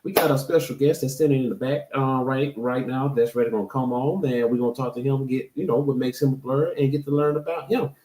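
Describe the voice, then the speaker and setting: A man's voice: mid-range voice, steady tone, a little fast, hardly any pauses, dark tone. Host, US man: casual, joking, talks to viewers; roomy sound. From American South, Florida. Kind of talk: casual show intro.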